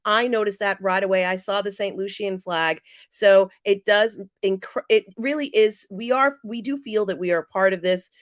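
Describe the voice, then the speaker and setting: A woman hosting a live stream, reading viewer comments aloud and answering them in a chatty way with many pauses and fillers. She sounds teary and emotional. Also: mid-range voice, dry recording, studio quality. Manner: warm, chatty, often pausing with fillers. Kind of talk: casual live-chat commentary.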